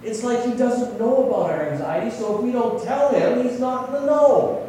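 A man's voice: extremely high pitch, normal speed, warm tone, slight background noise. A man preaching a sermon, speaking conversationally and putting questions to his listeners. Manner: conversational, asks the congregation questions. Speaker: pastor. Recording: echoey hall, voice from far off.

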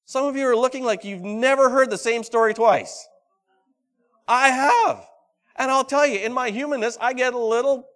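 This male pastor, whose voice is very high-pitched, delivers a sermon at a normal speed. He reads scripture dramatically, keeps putting questions to the congregation, and alternates between booming and quiet moments.

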